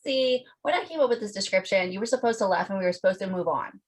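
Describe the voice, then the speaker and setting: A woman co-hosting a podcast, chatting casually and telling a story in an animated, profane way. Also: medium pitch, fast talker, low-quality recording. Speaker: podcast co-host. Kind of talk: casual chat.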